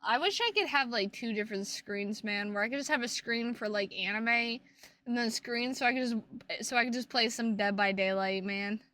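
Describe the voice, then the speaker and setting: Girl streamer chatting w/ chat, kinda high bright voice, teasing and swearing a lot. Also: fairly quick, slight background noise. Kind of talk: casual stream chat with viewers.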